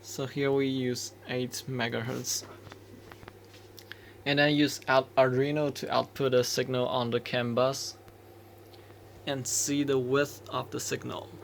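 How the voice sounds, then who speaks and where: Slow, flat-voiced man, gravelly. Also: medium pitch, a little hiss or hum. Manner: slow, hesitant, thinking aloud with restarts. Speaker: embedded developer explaining code. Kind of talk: screen-recorded coding walkthrough.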